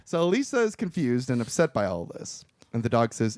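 A man's voice: medium pitch, very animated, normal speed, few pauses, darkish tone, no echo, clean studio sound. A man co-hosting a podcast, casually recapping a bad movie's plot and laughing often. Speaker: podcast co-host.

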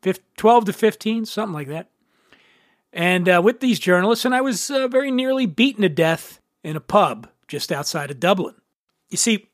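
A man's voice: high voice, a bit bright, no echo. A man hosting a podcast, telling a comic story in a wry, sardonic way with dry asides. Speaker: podcast host.

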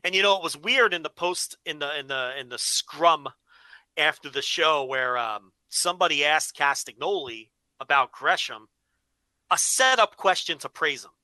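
A man with a very bright, forceful voice talks casually on a podcast, a little high for a man. He swears freely and tells stories with animation. The sound is dry and close. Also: normal speed, no echo, rough recording. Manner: profane, animated storytelling. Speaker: podcast co-host. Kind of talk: casual wrestling podcast chat.

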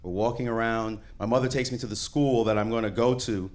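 A man from Jamaica telling a personal story on stage to a live audience, animated and acting out the people in it. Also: medium pitch, brisk. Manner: animated, acts out the voices of the people in his story.

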